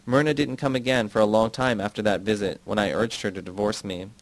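A man narrating an audiobook in a measured, steady reading voice. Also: on the low side, no echo, poor audio. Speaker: audiobook reader. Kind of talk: scripted narration.

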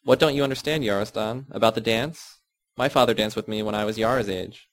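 A man reading aloud, voicing a sharp, sarcastic adult woman who is a wife and mother, with a cross, biting manner. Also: lowish voice, brisk, no room sound, natural voice. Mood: flat.

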